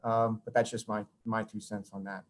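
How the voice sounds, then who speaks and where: A man's voice: lowish voice, little pitch movement, normal speed. A man giving a hesitant, casual answer in a webinar, with many fillers and hedges. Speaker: webinar participant.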